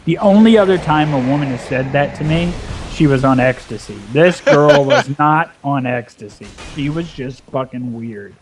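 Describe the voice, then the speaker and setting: A young man casually telling a long, profane, animated anecdote as a gaming video host. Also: medium pitch, moderate pace, few pauses, a little hiss or hum. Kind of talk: casual storytelling chat.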